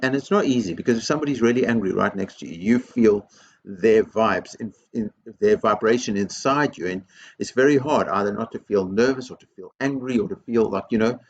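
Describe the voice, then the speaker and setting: A man's voice: on the low side, breathy edge, lo-fi sound. A man speaking as a headteacher in a school video assembly, earnest and encouraging, repeating his key phrases.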